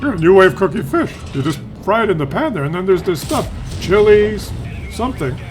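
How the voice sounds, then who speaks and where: A man's voice: sits high, very animated, brisk, faint music behind, pitched above the performer's own voice. A man doing a chirpy proud old dad. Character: fussy old dad proud of his cooking.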